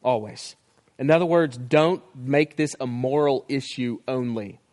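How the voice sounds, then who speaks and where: A man's voice: medium pitch, unhurried, a little mellow. A man in his thirties preaching a sermon on family. He speaks earnestly, tells stories, and often restarts his sentences. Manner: earnest, storytelling, with many restarts. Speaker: pastor.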